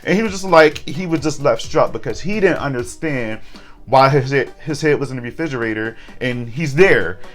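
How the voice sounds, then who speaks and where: A man's voice: mid-range voice, moderate pace, faint music behind. A young adult man chatting candidly through a casual recap, with joking asides. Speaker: horror TV recap vlogger.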